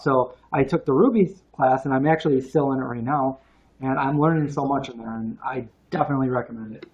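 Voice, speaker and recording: A man's voice: medium pitch, steady tone, fairly quick, a little mellow. A man co-hosting a casual livestream, telling rambling stories with restarts and asides. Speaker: co-host of vegan cooking livestream. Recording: dull lo-fi stream audio.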